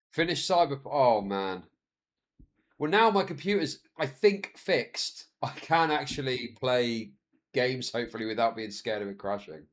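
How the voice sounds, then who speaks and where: A man in his thirties chatting casually on a live stream, telling stories with frequent laughs and swearing. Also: mid-range voice. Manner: chatty, laughs often, swears, animated storytelling.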